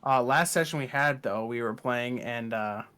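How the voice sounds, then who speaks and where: A man's voice: mid-range voice, moderate pace, clean tone. Male co-host, easygoing chatter, mid-range voice. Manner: relaxed, chatty, with fillers and laughs. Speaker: podcast co-host. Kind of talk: casual chat.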